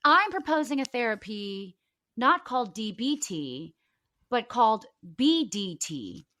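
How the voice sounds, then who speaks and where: A woman's voice: fairly high pitch, unhurried, a little hiss or hum. A young woman, a guest on a podcast, telling stories in casual chat and saying "like" a lot. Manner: animated storytelling, frequent "like". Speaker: guest, former reality show contestant.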